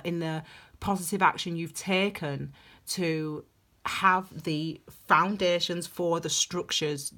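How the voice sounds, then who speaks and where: A woman's voice: sits low, fairly bright tone. A woman giving a chatty, gushing tarot reading to her viewers, calling them her darlings. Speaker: tarot reader. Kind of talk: casual tarot reading to camera.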